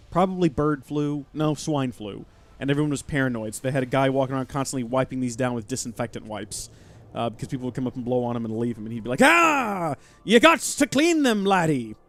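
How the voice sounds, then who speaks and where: A young man streaming live gameplay, chatting and thanking viewers as he plays. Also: medium pitch. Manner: chatty and animated, thanking chat mid-game.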